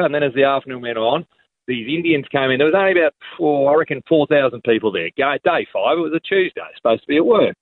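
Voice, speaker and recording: A man's voice: medium pitch, expressive, quick pace, no room sound. An Australian man calling in to a radio show, telling cricket stories in a joking, blokey way. His voice comes through a narrow, tinny phone line. The sound is dry, with no room around it. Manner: blokey, joking, enthusiastic storytelling. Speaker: cricket commentator guest. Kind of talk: casual radio chat.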